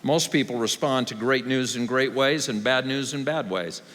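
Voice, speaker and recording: A male pastor with a medium-pitched, slightly bright voice delivers a sermon at normal speed in a large church hall. He is conversational and wry, building to raised, emphatic passages, and the recording carries long hall reverb.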